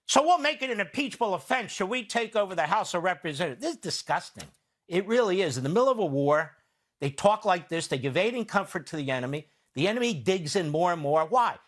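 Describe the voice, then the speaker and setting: A man delivering a combative political commentary monologue as a host, firing off rhetorical questions and answering them himself, with sarcastic asides mimicking his opponents. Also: high-pitched.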